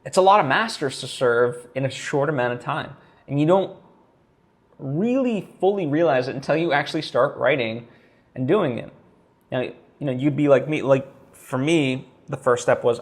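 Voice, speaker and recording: A man's voice: mid-range voice, moderate pace. A man talking straight to camera in a casual vlog, thinking aloud with lots of fillers and restarts. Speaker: vlogger.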